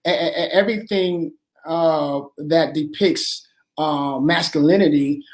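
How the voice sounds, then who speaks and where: A man's voice: fairly high pitch, measured pace. A man hosting an earnest advice talk, speaking emphatically and repeating his phrases, with plenty of fillers.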